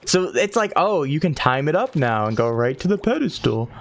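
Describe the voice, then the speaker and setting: A man's voice: on the high side, very animated, normal speed, slight background noise. A man casually chatting on a gaming stream, thinking aloud and swearing freely.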